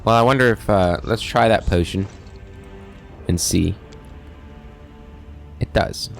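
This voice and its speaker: Low-voiced male let's play host, musing through a game over soft music. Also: slow pace, gravelly. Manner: thinks aloud, reads game text. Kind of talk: gameplay commentary.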